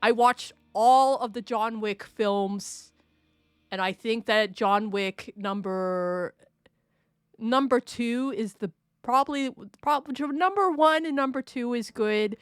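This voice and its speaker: A woman's voice: on the high side, slow, clear, resonant tone, no room sound, studio quality. A woman streaming live, chatting casually and playfully, rambling, laughing often and answering her chat.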